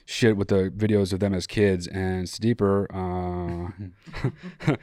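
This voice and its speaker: A man's voice: low-pitched, slow, darkish tone, no room sound. A young man hosts a podcast with loose, profane chatter and mock fury. His voice sounds a little nasal from a recent illness. The sound is dry and close. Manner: profane, jokey, exaggerated mock outrage. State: slightly nasal after illness. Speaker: podcast host. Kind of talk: casual podcast chat.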